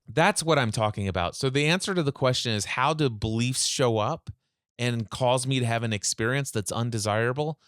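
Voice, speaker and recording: Animated male storyteller, dry sound. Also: medium pitch, moderate pace, clear, resonant tone, dry recording. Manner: animated storyteller, acts out both sides of a phone call. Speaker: podcast guest, mindset coach. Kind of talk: storytelling in a podcast interview. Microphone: remote call.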